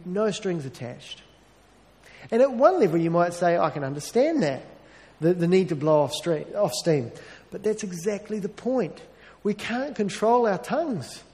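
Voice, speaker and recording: A man's voice: fairly high pitch, darkish tone, big-room sound. A man preaching a sermon in an earnest, conversational way, with wry self-deprecating asides.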